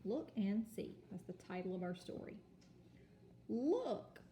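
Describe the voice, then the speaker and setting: A woman teaching a kindergarten home lesson on video, sounding out letters and words slowly and patiently. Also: fairly low pitch, steady tone, mellow, echoey room, a little hiss or hum. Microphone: phone or camera.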